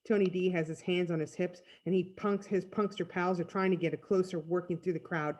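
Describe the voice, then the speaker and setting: A woman reading a storybook aloud in first person, with expressive storytelling. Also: fairly low pitch, fairly quick, hardly any pauses, highs cut off. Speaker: reader. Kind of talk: read-aloud storybook narration.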